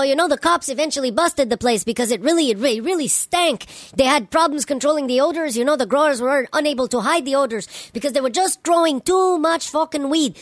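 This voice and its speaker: A brash stoner news anchor, as a woman puts him on, peppering the report with swearing and street slang. The voice is high and close to a dry mic. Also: fairly bright tone, no echo. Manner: slangy, profane, "you know what I'm saying". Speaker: comedy radio host. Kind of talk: comedy radio sketch.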